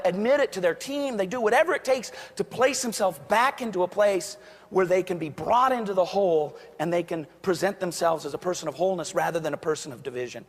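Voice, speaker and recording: High-voiced man giving a motivational talk. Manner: storytelling, acts out quoted voices. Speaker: motivational speaker. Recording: long hall reverb.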